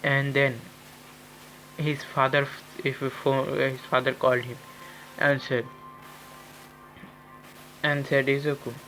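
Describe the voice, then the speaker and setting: A man telling an improvised fan-fiction story in a halting way, with many restarts and fillers. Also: mid-range voice, level tone, pushed and bright, soft background music, low-quality recording.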